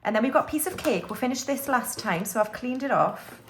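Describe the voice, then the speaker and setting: A woman's voice: on the high side, expressive, a little fast, slight background noise. A woman, chatting casually to viewers while counting cash into budget envelopes. She counts aloud in a breezy way, with offhand asides, and sounds a little under the weather. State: slightly unwell, clearing throat. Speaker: budgeting YouTuber.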